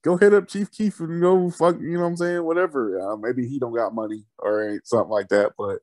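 A man co-hosting a podcast in casual chat, profane and animated, laughing often. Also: medium pitch, brisk, no room sound, studio quality. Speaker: podcast co-host.

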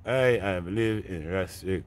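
A man's voice: low-pitched, takes it slowly. A man with a Jamaican accent chatting casually into his phone while walking a street at night, rambling and laughing in patois. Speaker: vlogger. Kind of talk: casual walking vlog monologue. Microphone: phone carried while walking.

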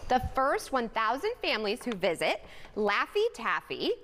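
A woman's voice: a little high, wildly swooping pitch, moderate pace, fairly bright tone, long reverb tail, slight background noise. Bubbly woman hosting morning TV. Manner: bubbly, sentimental, emphatic. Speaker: morning show host. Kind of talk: upbeat morning TV presenting.

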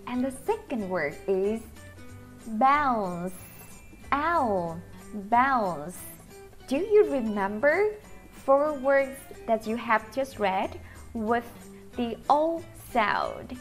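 A woman with a Vietnamese accent teaching English pronunciation to children, slowly drawing out each vowel sound. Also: fairly high pitch, big pitch swings, faint music behind. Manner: slow, sing-song teacher talk, drawing out vowel sounds.

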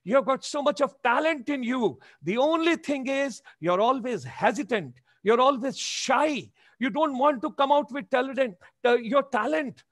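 A man's voice: very high-pitched, expressive, moderate pace, few pauses, fairly bright tone, no echo. A man in his seventies with an Indian accent, giving a motivational webinar talk with emphatic, repeated exhortations over a video call. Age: 70s. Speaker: motivational speaker.

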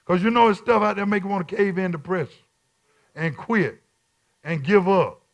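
A man preaching at Bible study as a bishop, repeating his lines in call-and-response and swinging from quiet talk to shouts. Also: high-pitched, moderate pace.

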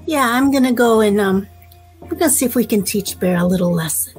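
A woman voicing a sly, clever male fox in a children's folk tale, lifting her voice high. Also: fairly quick, husky, soft background music, lightly acted, poor audio. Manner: sly, bright and teasing.

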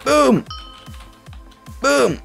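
A European man giving excitable live commentary on a game, talking to opponents and to his viewers. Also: very high voice, drawn-out words, gravelly, husky. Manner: excitable, talks to opponents and viewers, yelps at kills. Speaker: gaming YouTuber. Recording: music playing under voice.

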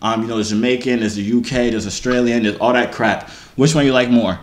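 A man's voice: mid-range voice, fairly quick, reverberant, a little hiss or hum. A young man hosting a video, bantering and teasing strangers in slangy casual chat. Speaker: video host.

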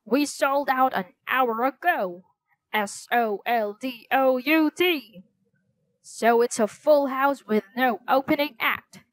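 A fussy middle-aged theater manager in a storybook reading, wailing and panicking with a high, strained voice, as a woman reader puts him on. The sound is close and dry. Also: slow, dry recording. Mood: frantic.

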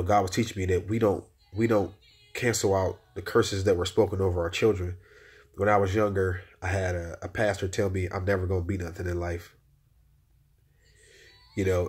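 Low husky guy giving his testimony, preachy, repeats stuff for emphasis. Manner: preacher-like, repeats phrases, rises in pitch when exhorting. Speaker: Christian encourager giving personal testimony. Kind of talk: spoken testimony and encouragement.

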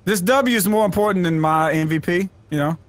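A man playing a video game with a friend, reacting loudly, swearing and yelling as he chats casually. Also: high voice, fairly quick, dry recording. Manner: loud, excitable, swears and yells in reaction. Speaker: gaming guest. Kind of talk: casual gaming chat with a friend.

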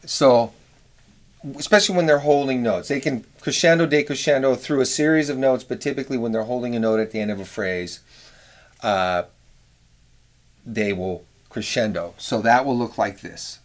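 A middle-aged man explains horn arranging in a loose, easygoing way, stopping now and then to sing rhythms in scat syllables. His voice sits at an ordinary pitch for a man. He comes across as an unhurried music teacher. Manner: relaxed, rambling, sings rhythms with scat syllables. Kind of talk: casual instructional talk.

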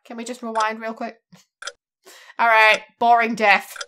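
A young adult woman giving jokey, excitable and profane commentary while she plays a game. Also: on the high side, a little slow, a little hiss or hum. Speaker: let's play gamer. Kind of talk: casual gameplay commentary.

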